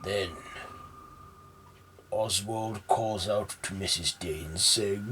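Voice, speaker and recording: A man narrating a horror story in a slow, measured way. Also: fairly low pitch, bright, forceful tone, a little hiss or hum. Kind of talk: scripted narration.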